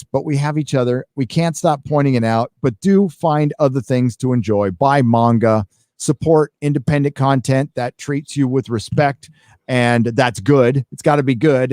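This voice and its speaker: A man's voice: mid-range voice, moderate pace, dry recording. Guy hosting a livestream, rambly and sweary, reading donations, dry close sound. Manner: rambling, profane, excitable. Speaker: live stream host. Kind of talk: casual live-stream chat, reading donations.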